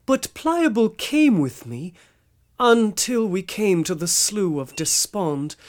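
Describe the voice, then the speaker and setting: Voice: mid-range voice, very animated, slow. A performer voicing a humble, burdened male pilgrim who speaks earnestly in old-fashioned formal English in a radio drama.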